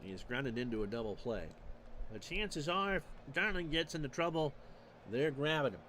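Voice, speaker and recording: A man calling baseball play-by-play for a streamed replay, measured and stat-heavy with dry asides. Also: on the high side, expressive, bright, forceful tone, a little hiss or hum. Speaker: play-by-play announcer.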